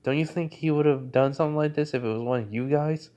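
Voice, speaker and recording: A man's voice: a little high, quick pace, mellow, voice pushed up, natural voice. A man voicing a loyal teenage ninja boy with a lonely past, in nearly his own plain speaking voice. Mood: scolding. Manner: plain speaking voice, little change from narration.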